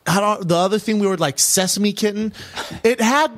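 A man in casual comedic chat, telling animated stories and acting out the people in them. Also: sits high, moderate pace. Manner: animated storytelling, acts out quoted people. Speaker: podcast co-host.

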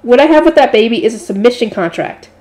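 A woman's voice: fairly high pitch, animated, fast talker, a little mellow, close to an everyday voice. A woman reading aloud and voicing a greedy, scheming fat nobleman who sneers at commoners. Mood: contemptuous. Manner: sneering, contemptuous.

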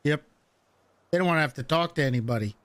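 A man's voice: fairly high pitch, fast. A man roleplaying in a game, chuckling and grumbling through casual in-character banter. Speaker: roleplay partner.

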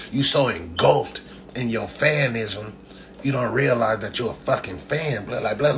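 A man's voice: medium pitch, a bit bright, a little hiss or hum. A man ranting casually and profanely at commenters on his livestream, throwing in "blood" after nearly every line. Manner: loose, profane trash talk, repeats "blood" constantly. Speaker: livestream host.

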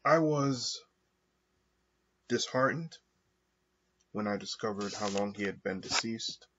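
A man talking through his thoughts alone in a slow, halting monologue with frequent pauses and fillers. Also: lowish voice, expressive, a bit bright, breathy edge. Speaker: podcast host. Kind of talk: reflective monologue. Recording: dull lo-fi recording.

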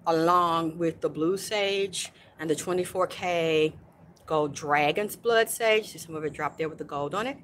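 A woman's voice: deep voice, unhurried, a bit bright, slight background noise. Woman channeling a spirit outdoors. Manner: meandering, with frequent sighs and laughs. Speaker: spiritual medium. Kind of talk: casual livestream channeling. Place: outdoors in a yard.

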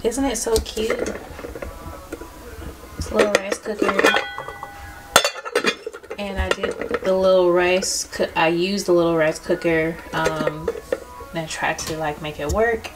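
A young Southern California vlogger chats to a camera on a stand at home, laid-back and calling her viewers "girl" and "y'all" like friends. Her slightly low voice stays fairly even, slow, with frequent pauses, and household noise is clearly heard behind her through the camera audio.

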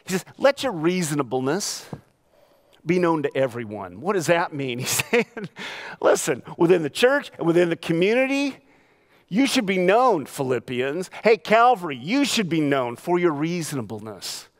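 High-pitched guy preaching a sermon, tells funny stories, laughs a lot. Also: normal speed. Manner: animated storytelling with laughs. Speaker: pastor. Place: church sanctuary.

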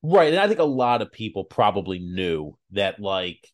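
Lively man telling stories on a podcast. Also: lowish voice, moderate pace. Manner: animated storyteller, acts out quoted people. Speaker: podcast co-host. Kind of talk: casual chat.

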